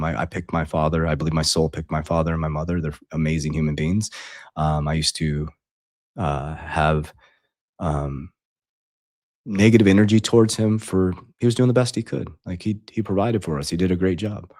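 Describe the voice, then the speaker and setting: A man's voice: low-pitched, darkish tone, no room sound, studio quality. A middle-aged man, an online coach, telling a personal story to his followers in a blunt, profane, rambling way with many restarts.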